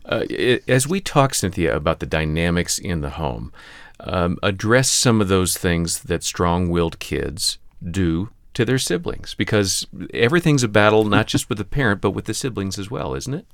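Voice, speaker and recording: A man hosting a radio talk show, asking a guest measured questions. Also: low-pitched, animated, creaky, dry recording. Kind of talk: interview questions.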